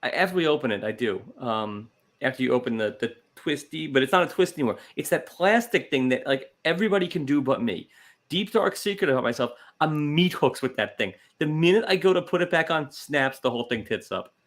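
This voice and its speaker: A man's voice: on the high side, expressive, fairly quick, fairly bright tone. A man co-hosting a casual comedy podcast, rambling through self-deprecating jokes. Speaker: podcast co-host.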